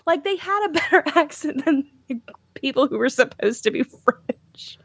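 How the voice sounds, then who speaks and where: A woman co-hosting a casual movie review podcast, lively and quick to laugh. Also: high voice, creaky, no room sound. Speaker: podcast co-host.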